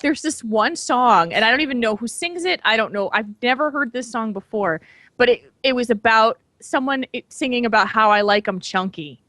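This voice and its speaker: A woman's voice: a little high, animated, moderate pace, fairly bright tone, dry recording. A woman in her thirties co-hosting a podcast in casual chat, laughing often as she talks. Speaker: podcast co-host.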